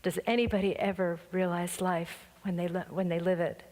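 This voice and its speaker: A woman's voice: fairly low pitch, flat delivery, moderate pace, darkish tone. A woman minister giving a conversational sermon, full of anecdotes and light laughter, in a church sanctuary. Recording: long reverb of a church hall.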